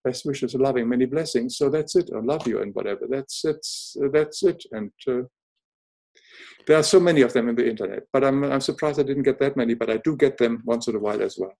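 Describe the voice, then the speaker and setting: An older man speaking English with a noticeable foreign accent, a podcast guest talking in a reflective, earnest way, often pausing and restarting his sentences. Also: medium pitch, vocal fry. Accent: noticeable non-native English accent. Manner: halting, many restarts, soft-spoken and earnest. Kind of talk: reflective casual conversation.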